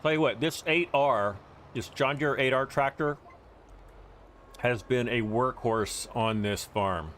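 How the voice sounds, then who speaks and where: A man's voice: medium pitch, slow, fairly bright tone, a little hiss or hum. A man hosting a casual gameplay livestream, chatting to viewers and greeting them by name as he plays. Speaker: livestream host.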